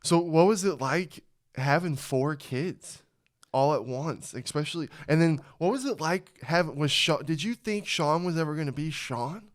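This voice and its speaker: A young man with a slightly higher voice hosts a casual podcast. He chats eagerly and fires off questions to his guest. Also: lively intonation, moderate pace. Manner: eager interviewer, chatty. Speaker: podcast host. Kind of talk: casual chat.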